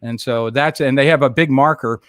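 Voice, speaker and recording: A man's voice: mid-range voice, normal speed, a bit bright, no room sound, studio quality. A man chatting casually on a livestream, telling stories and giving travel tips with frequent laughter. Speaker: co-host.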